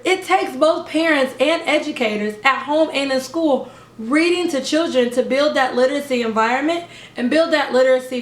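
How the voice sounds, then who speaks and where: A young woman, a preschool teacher, giving an upbeat lesson to parents in a slow, carefully over-enunciated way. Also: high-pitched, fairly bright tone, echoey room. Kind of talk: instructional talk to camera.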